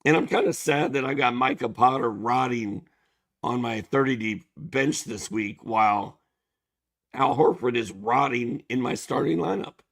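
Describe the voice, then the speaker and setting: Chill guy breaking down fantasy hoops picks, gravelly voice, easygoing. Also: mid-range voice, unhurried, a bit bright. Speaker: fantasy basketball analyst co-host. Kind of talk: casual sports chat.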